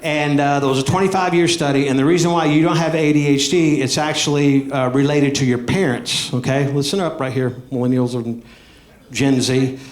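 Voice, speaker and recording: A man, doing high-energy stand-up comedy with plenty of audience asides. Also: fairly even intonation, moderate pace. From Alabama, US. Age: 50s. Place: comedy club stage. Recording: echoey club room.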